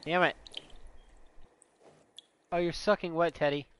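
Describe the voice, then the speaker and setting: A man's voice: on the high side, fairly even intonation, measured pace, fairly bright tone, slight background noise. A man streaming a horror game, narrating his own play with jokey mock panic and a lot of swearing. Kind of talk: live gameplay commentary.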